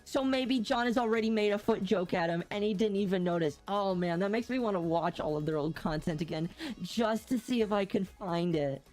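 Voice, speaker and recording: A woman's voice: mid-range voice, a little fast, hardly any pauses, darkish tone, soft background music. A woman co-hosting a podcast in casual chat. She is blunt and opinionated and laughs often. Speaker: podcast co-host.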